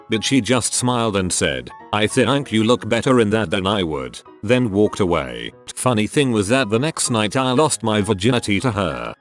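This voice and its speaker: Lively lower-voiced male story narrator. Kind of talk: scripted narration of online stories.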